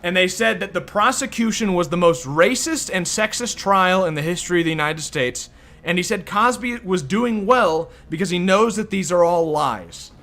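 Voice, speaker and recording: A man's voice: sits high, expressive, moderate pace, fairly bright tone. A young man hosting a let's play, rambling and incredulous in casual game commentary.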